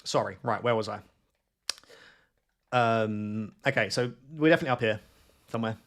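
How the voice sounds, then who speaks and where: A man's voice: on the low side, normal speed, fairly bright tone. A young man streaming live, rambling and thinking aloud with lots of fillers and self-mocking asides as he guesses places on a map. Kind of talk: casual live-stream commentary while playing a map guessing game.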